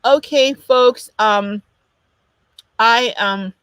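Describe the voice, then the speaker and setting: A woman's voice: a little high, extremely slow, a bit bright, clear, resonant tone, dry recording. A woman hosting a casual livestream, reading out viewer comments in a chatty, apologetic way with a runny nose. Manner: chatty and apologetic, with frequent restarts. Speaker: livestream host.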